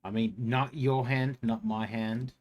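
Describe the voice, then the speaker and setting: A man playing a tabletop game, thinking out loud in a wry, musing way. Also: mid-range voice, fairly even intonation, unhurried. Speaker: player.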